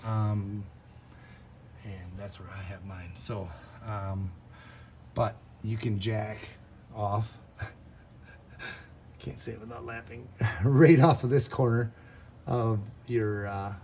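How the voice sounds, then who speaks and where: The voice is mid-range and a little mellow, with a faint hiss or hum on the recording. It belongs to a man hosting a DIY car repair video who rambles through a how-to, says um often, and laughs at his own crude jokes while a camera mic records him by a van.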